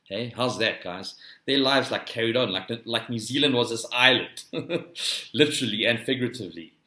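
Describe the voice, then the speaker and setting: A man's voice: medium pitch, normal speed, bright, forceful tone, roomy sound. South African man rambling on his podcast. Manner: rambling, addresses listeners as "guys", tags "eh?". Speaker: podcast host. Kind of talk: casual monologue.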